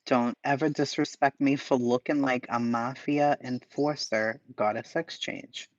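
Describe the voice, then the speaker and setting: A man's voice: mid-range voice, fairly even intonation, a little slow, no echo, highs cut off. A man hosting a casual livestream, reading chat aloud with profane, sarcastic asides and mutters. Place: home, dogs barking nearby.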